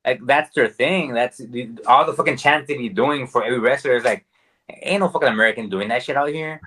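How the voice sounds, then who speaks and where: A man of middling pitch chats as a podcast guest. He talks in a relaxed, rambling way and swears freely. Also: brisk, slight background noise. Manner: laid-back, profane, rambling. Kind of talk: casual chat.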